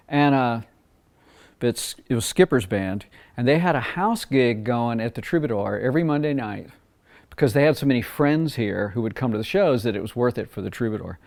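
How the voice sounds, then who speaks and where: A man's voice: mid-range voice, vocal fry. Man from Mississippi telling studio stories. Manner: relaxed, rambling, acts out quoted dialogue. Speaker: record producer and former session guitarist. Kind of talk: casual interview storytelling.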